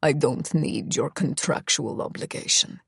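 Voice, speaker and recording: A woman voicing a bitter young mafia man who hisses and snarls his lines in a low, menacing tone. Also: lively intonation, slow pace, vocal fry, darkish tone, husky, no echo, studio quality, exaggerated voice. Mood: intense. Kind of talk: audiobook character voice.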